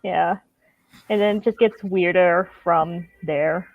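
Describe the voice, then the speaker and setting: A woman guest on a livestream talk show, chatting casually and relaxed, with lots of "like" and "you know" fillers. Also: on the low side, takes it slowly, no room sound, narrow, tinny audio. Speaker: guest streamer. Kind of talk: casual chat.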